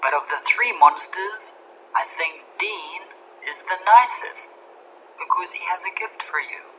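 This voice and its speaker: A woman giving a scripted grammar lesson, speaking clearly and carefully and slowing down on example words. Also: fairly low pitch, a bit bright, slight background noise, rough recording. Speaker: English grammar teacher.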